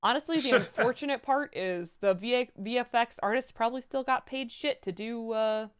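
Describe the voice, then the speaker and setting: A woman's voice: a little high, moderate pace, clear, resonant tone. A woman co-hosting a livestream panel, reading out viewer donations and chatting casually. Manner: upbeat, laughs easily, reads chat messages aloud.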